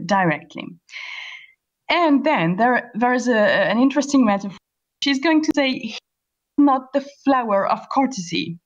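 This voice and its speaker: A woman teaching an online class, asking questions patiently and spelling words out slowly. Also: medium pitch. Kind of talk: online class explaining a play. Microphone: computer voice call. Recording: lo-fi voice-call audio.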